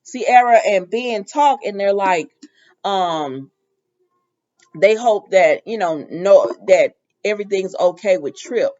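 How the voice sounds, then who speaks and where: A woman's voice: mid-range voice, animated, slow, a little mellow, muffled recording. A woman casually recapping a soap opera episode, retelling scenes in quoted lines and making asides to her viewers.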